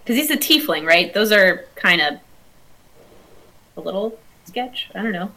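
Give me a slow-speaking woman player, unsure and hesitant. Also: mid-range voice, animated, bright, forceful tone, slight background noise, poor audio. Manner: slow, hesitant, many fillers. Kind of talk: tabletop role-play chat.

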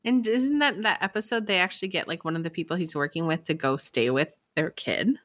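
A young adult woman co-hosting a podcast in expressive casual chat, laughing often. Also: fairly low pitch, a little fast, dry recording, clean studio sound. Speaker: podcast co-host.

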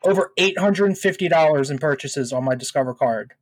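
A man's voice: on the high side, fairly quick. A young man in casual chat, venting profanely about his call-center job and telling stories with lots of swearing. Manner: profane, venting, animated storytelling. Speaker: podcast co-host.

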